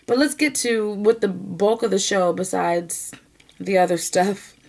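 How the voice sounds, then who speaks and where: A talkative woman with a drawl, chatting to her viewers in a relaxed, animated way. She laughs often as she goes along, and her pitch sits right in the middle. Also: measured pace, creaky. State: emotional, near tears at times. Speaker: knitting podcast host. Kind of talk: casual chat to camera.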